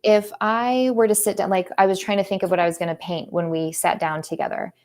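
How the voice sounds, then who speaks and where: A woman's voice: medium pitch, steady tone, brisk, a little mellow. A woman artist and teacher chatting casually while she paints, earnest and a little preachy as she drifts into pep talks. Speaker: artist and teacher hosting a live creative stream.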